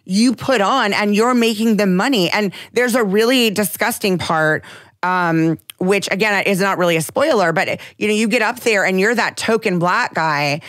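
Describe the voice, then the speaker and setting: A woman's voice: mid-range voice, normal speed, fairly bright tone, no room sound, clean studio sound. A woman co-hosting a podcast in casual chat, talking candidly and with emphasis. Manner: candid, emphatic, swears freely. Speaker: podcast co-host.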